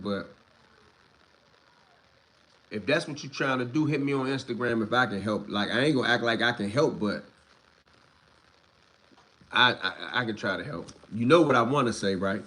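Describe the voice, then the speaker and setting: Blunt, heated man ranting on a livestream. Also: sharp tone. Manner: blunt, heavy swearing, street slang; heated, rises in pitch when worked up. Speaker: livestream host.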